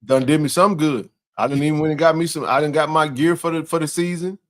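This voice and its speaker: A man co-hosting a casual sports chat, laughing often and telling animated stories. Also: fairly high pitch, fast talker. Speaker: co-host.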